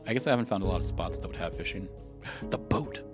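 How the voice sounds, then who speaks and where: A man's voice: deep voice, expressive, fairly quick, music in the background. A man streaming a game live, chatting casually and thinking aloud as he plays. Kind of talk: casual gameplay commentary.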